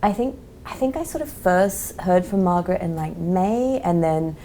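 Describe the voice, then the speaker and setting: Woman, Australian accent, 30s, low and mellow, frank, lots of fillers. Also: expressive, normal speed, slight background noise. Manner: chatty, frank, many "like" and "um" fillers. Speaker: magazine editor, podcast guest. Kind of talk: casual interview chat.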